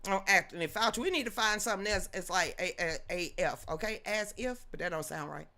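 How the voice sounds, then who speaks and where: A woman's voice: on the low side, brisk, pushed and bright. A woman in her fifties hosting a news commentary livestream, reading chat and ranting emphatically in a rambling way.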